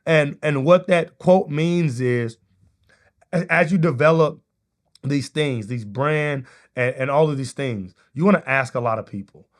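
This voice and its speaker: Male podcast host, slightly higher voice, relaxed motivational solo talk. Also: measured pace. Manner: casual, energetic, keeps asking "right?".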